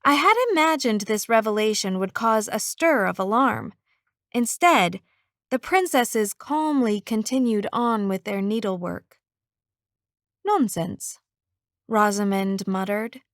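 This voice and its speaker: A woman narrating a first-person fantasy audiobook in an expressive reading style. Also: a little high, unhurried, no echo, studio quality. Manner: expressive, character-voiced reading.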